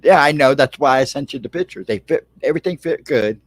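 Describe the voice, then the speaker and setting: A man's voice: on the high side, lively intonation, brisk, no echo. A man co-hosting a live stream, chatting casually in short, laid-back replies. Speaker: co-host guest. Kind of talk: casual chat.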